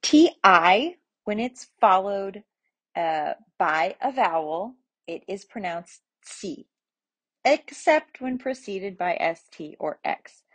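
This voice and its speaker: A woman teaching pronunciation in a relaxed spoken lesson, patient and explaining step by step with examples. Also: mid-range voice, slow. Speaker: Latin teacher.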